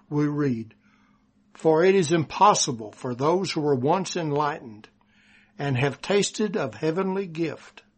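Texan male preacher, unhurried, deliberate scripture reading, husky delivery. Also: fairly high pitch. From Texas. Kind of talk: sermon.

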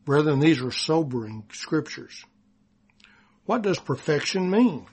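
Texan male preacher, unhurried, deliberate scripture reading, husky delivery. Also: fairly high pitch, lively intonation, darkish tone. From Texas. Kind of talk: sermon.

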